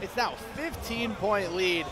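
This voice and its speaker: A man calling an esports basketball game as play-by-play commentator, upbeat with quick stat call-outs. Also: high-pitched, music in the background, crowd noise. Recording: game sounds and noise behind.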